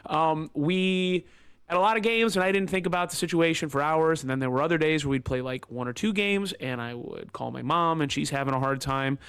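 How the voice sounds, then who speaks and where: A man's voice: on the high side, a bit bright, clean tone, dry recording. A man hosting a podcast, telling a personal story in a candid, emotional, rambling way with many fillers, close to tears. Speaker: podcast host.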